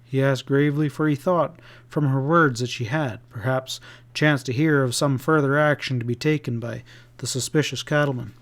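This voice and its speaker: A man narrating a classic western audiobook in a measured, steady reading. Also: mid-range voice.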